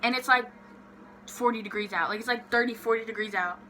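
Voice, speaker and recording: Bright-voiced young woman telling a story. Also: fairly high pitch, brisk, slight background noise. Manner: animated, swears freely, heavy filler "like". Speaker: vlogger. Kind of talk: casual storytime.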